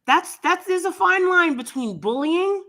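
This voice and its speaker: A woman hosting a casual commentary show, blunt and openly scornful. Her voice sits high and comes across bright and sharp. She talks in an animated, outspoken way. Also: unhurried. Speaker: commentary channel host.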